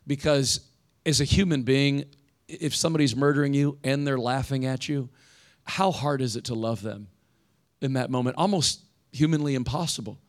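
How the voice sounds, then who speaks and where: A young man preaches in a relaxed, conversational way, addressing the congregation directly. His voice sits in an ordinary middle pitch, and he grows more intense when he reads scripture aloud. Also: normal speed. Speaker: pastor. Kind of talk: sermon.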